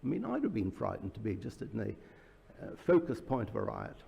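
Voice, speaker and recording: A man's voice: on the low side, wildly swooping pitch, brisk, creaky, dark tone, breathy edge. A man speaking as an author at a book launch, telling anecdotes in a loose public talk, with many fillers and restarts. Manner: storytelling with frequent fillers and restarts. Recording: reverberant hall.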